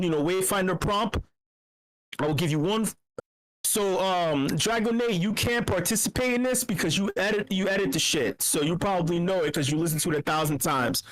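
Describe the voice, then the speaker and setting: A man hosting a casual live voice-channel show, brash and profane, teasing his listeners and swinging into loud drawn-out shouting. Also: high voice. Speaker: host of a community voice-chat show. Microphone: computer mic in voice channel.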